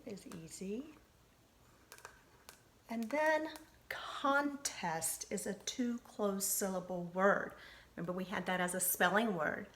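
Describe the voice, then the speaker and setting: With a medium-pitched, slightly bright voice, a woman teacher patiently encourages her young pupils during a spelling lesson. She spells out each letter slowly and deliberately, one at a time.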